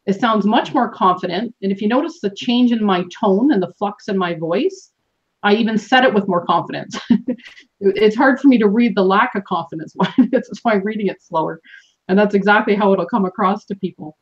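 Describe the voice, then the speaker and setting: A woman's voice: mid-range voice, normal speed. Canadian-born woman host, earnest coach, lo-fi call sound. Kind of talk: motivational team call talk. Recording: dull lo-fi call audio.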